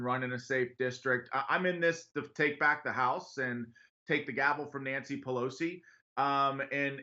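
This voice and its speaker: A man in his thirties from western Pennsylvania, a congressional candidate telling his story in an earnest, brisk radio interview. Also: medium pitch, pushed and bright, highs cut off. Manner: earnest, brisk, laughs easily while telling stories.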